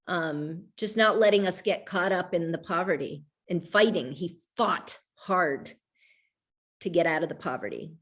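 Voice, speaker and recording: A middle-aged woman speaking as an author guest, reflective and rambling, with frequent restarts and trailing thoughts. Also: lowish voice. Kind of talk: conversational talk over a video call.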